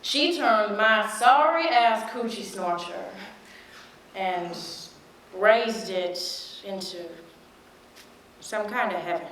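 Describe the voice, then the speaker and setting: Young woman telling a frank, wry memory, slowly. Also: medium pitch, a little hiss or hum. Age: young adult. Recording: echoey room.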